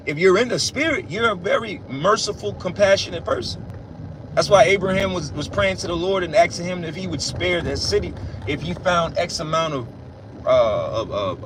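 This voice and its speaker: A man giving a casual, preachy religious monologue, blunt and profane, with loud emphatic bursts. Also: high-pitched, a little hiss or hum. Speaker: religious commentator.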